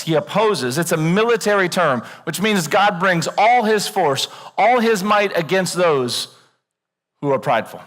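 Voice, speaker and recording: A man preaching a sermon in a church, animated and joking, acting out worried voices. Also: high-pitched, in a large hall. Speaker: pastor. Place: church auditorium.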